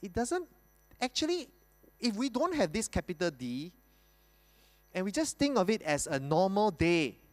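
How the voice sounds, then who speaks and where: Lively male pastor preaching in a hall. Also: high-pitched, moderate pace, long pauses. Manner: explains scripture with rhetorical questions and repetition. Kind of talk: sermon. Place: church hall. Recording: reverberant church hall.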